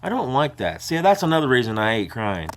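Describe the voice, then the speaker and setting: A man's voice: mid-range voice, very animated, brisk. Rambling emotional older man vlogging. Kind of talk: casual rambling chat.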